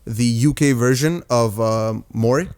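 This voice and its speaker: A man's voice: medium pitch, a little slow, darkish tone, smooth, dry recording. A young man co-hosting a podcast in casual, profane, joking chat. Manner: profane, joking, breaks into mock British accents. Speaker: podcast co-host.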